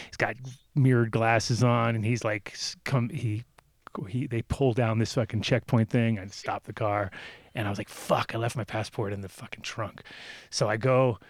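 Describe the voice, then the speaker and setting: A man's voice: mid-range voice, dry recording. A man hosting a podcast, casually telling a long, profane, rambling anecdote and acting out the voices of the people in it. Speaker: podcast host. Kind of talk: casual storytelling chat.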